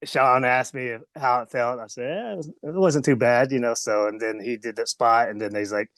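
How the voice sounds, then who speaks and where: A man's voice: mid-range voice, a little fast, a bit bright, dry recording. A man with a slight Southern US accent, a former wrestler telling rambling stories in an interview, often laughing and acting out voices. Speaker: former pro wrestler guest. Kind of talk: casual storytelling interview.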